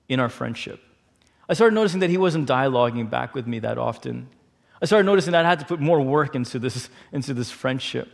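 A man's voice: fairly high pitch, gravelly. Chatty man telling a story. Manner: chatty, animated, lots of fillers. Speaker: speaker. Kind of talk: storytelling talk.

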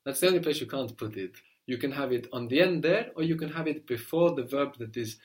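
Patient man teaching a language lesson. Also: medium pitch. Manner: patient, explains slowly, repeats words for the student.

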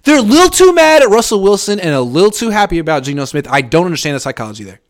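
A man with a fairly high, very lively voice talks sports on a casual live show. He is sarcastic and animated, and his pitch leaps up when he stresses a point. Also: racing. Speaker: sports show host reading viewer comments.

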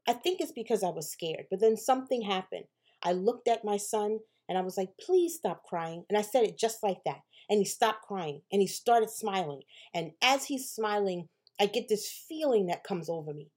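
A woman's voice: medium pitch, a little mellow. A woman hosting a podcast, telling a personal story in a candid, conversational way, swearing casually and often asking "right?". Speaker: podcast host.

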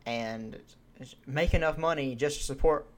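A man's voice: fairly high pitch, a little slow. A man co-hosting an amateur podcast, talking politics in a laid-back, hesitant way with many fillers. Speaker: podcast co-host. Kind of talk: casual political chat.

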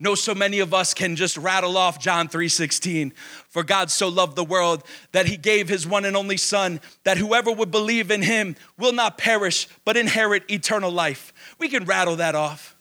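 A man's voice: sits high, normal speed, sharp tone. A man preaching a sermon, emphatic, asking questions and answering them himself, stretching key words.

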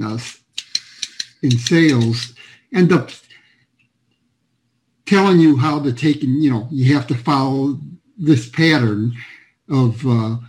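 A man's voice: medium pitch, darkish tone, low-quality recording. A man speaking hesitantly and skeptically in a casual group discussion. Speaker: group call member.

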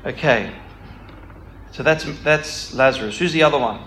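A man's voice: medium pitch, moderate pace, a bit bright. A man giving a casual talk on scripture, reading passages aloud and explaining them in a digressive, thinking-aloud way. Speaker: Bible study speaker. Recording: echoey room with faint background noise.

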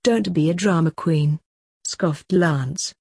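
A sardonic young male reaper prince, as a woman voices him in a storybook reading, husky and a touch low. He mocks everyone in an offhand drawl. Recorded dry and close. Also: slow pace, a little mellow, no room sound, exaggerated voice. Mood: mocking. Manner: mocking, offhand.

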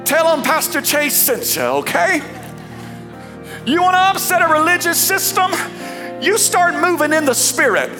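A pastor giving an emphatic, dramatic sermon, voice rising into fervent shouts. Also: extremely high pitch, lively intonation, moderate pace, over music. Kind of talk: energetic sermon.

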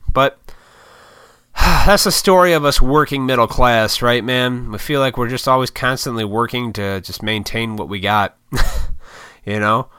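Casual podcast host, American man, profane and rambling; bright, dry close-mic tone. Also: medium pitch, unhurried, clean tone, dry recording. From United States. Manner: profane, rambling, frequent laughs. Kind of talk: casual solo podcast rant.

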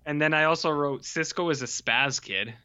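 Blunt, bright-voiced podcast co-host. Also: male voice, on the high side, moderate pace, clear, resonant tone, dull audio. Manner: blunt, swears freely, acts out reactions. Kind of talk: casual chat reviewing TV episodes.

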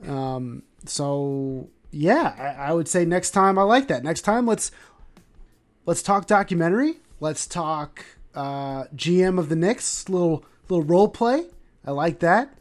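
A man in casual chat as a podcast co-host, laid-back with quick reactions. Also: a little high, lively intonation. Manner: laid-back, short reactions, laughs easily.

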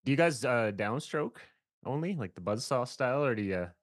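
A man's voice: medium pitch, expressive, fairly quick, no echo. Canadian-accented man, podcast host, easygoing, laughs a lot, dry close sound. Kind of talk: casual podcast chat.

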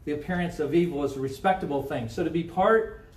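Conversational Midwestern pastor preaching in an echoey church. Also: male voice, fairly high pitch, fast talker. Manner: conversational, asks the congregation questions. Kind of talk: sermon. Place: church sanctuary. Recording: echoey room, mic from a distance.

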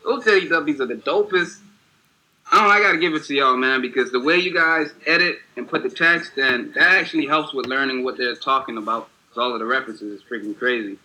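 An American man guesting on a casual podcast. His voice is very bright and sharp, at a middling pitch. He talks in a relaxed, slangy, enthusiastic way. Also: fast talker, poor audio. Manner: laid-back, enthusiastic, slangy.

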